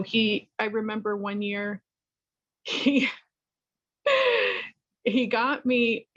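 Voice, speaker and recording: A middle-aged woman from California sharing her personal recovery story at a meeting, candid and rambling, lively when she tells a story. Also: mid-range voice, no room sound, dull audio. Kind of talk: personal testimony talk.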